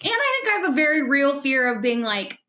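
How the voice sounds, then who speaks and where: A woman's voice: high voice, very animated, brisk, pushed and bright. A woman in her thirties, from Illinois, co-hosting a casual podcast chat, chatty and self-mocking. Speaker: podcast co-host.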